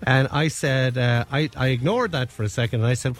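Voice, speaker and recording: A man's voice: mid-range voice, moderate pace, pauses often, faint music behind. A man, co-hosting a show, chatting casually and rambling through a story with frequent chuckles. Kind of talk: casual chat.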